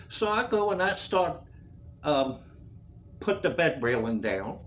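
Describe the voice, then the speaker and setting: Animated, profane man telling a story. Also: fairly high pitch, a little slow, a little hiss or hum. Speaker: vlogger. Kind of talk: casual storytelling rant.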